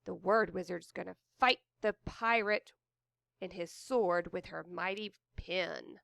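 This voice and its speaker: A woman reading a picture book aloud with expressive gasps of wonder and chatty asides about the pictures. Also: fairly low pitch, slow pace, vocal fry, no room sound, studio quality. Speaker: storybook reader.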